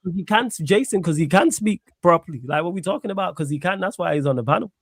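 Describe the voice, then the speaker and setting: A young man with a Manchester accent hosting a casual chat, slangy, teasing and quick to swear. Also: sits high, animated, no echo. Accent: Mancunian. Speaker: host.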